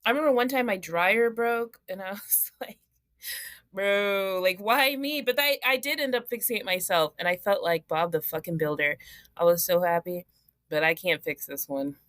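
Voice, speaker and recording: A young woman co-hosting a podcast, telling animated stories with frequent laughter and swearing. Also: lowish voice, moderate pace, no echo. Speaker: podcast co-host. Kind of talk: casual chat.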